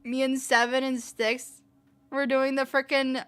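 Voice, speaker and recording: A young woman with a fairly low voice chatting casually on a livestream, playful and laughing often. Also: flat delivery, a little slow, a bit bright, smooth. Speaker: streamer. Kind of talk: casual livestream chat reading comments.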